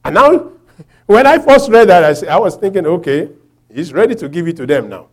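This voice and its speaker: A man preaching a sermon, quoting scripture and asking the congregation rhetorical questions, swinging from quiet reflection to loud emphasis. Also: high voice, sing-song, fairly quick.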